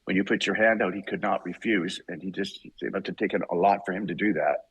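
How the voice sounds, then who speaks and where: An older man with a very low, husky voice tells a story on a podcast. He talks in an emotional, halting way, with many restarts. The sound is close and dry. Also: steady tone, fairly bright tone, dry recording, poor audio. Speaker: voice actor guest.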